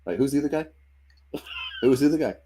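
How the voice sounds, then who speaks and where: A man's voice: mid-range voice, animated, fast talker, warm tone, slightly rough. A man co-hosting a livestream in casual chat, laughing often and swearing freely as he banters. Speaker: livestream co-host.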